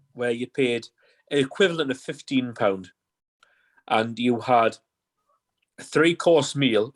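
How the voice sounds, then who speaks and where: Sweary man telling stories. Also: mid-range voice. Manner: sweary, rambling storyteller. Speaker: podcast guest. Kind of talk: casual chat.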